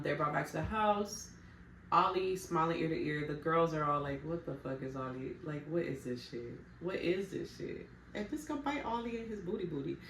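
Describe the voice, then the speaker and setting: A woman's voice: fairly low pitch, fairly bright tone, far from the mic. A woman talks through a reality show recap in a loose, slangy way, with blunt little asides. Her voice sits back from the microphone in a roomy space with an echo. A faint hum runs underneath. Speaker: TV recap vlogger.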